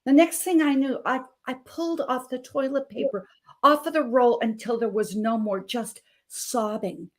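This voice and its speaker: Her voice is high, with fairly even intonation and a normal speed. She's a Montana woman in her thirties, a health coach who guests on a talk show to tell an emotional personal story, passionate and emphatic, repeating phrases as she goes.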